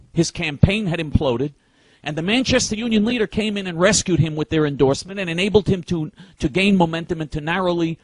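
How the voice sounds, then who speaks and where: Indignant man with a high voice. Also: no room sound. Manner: indignant, emphatic, repeats words when worked up. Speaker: political commentator. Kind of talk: heated political rant.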